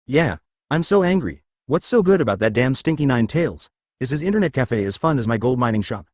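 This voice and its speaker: A man's voice: medium pitch, lively intonation, fairly quick, a little mellow, no echo, clean studio sound, lightly acted. A man voicing a small, boastful and greedy tailed-beast shopkeeper who grumbles and huffs. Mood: indignant. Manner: huffy, grumbling.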